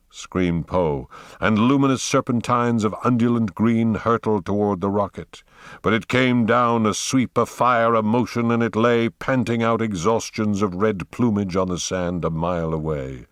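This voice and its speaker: A man giving a slow, dramatic reading of an audiobook as its narrator. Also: fairly low pitch, no echo, clean studio sound. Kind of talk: scripted narration.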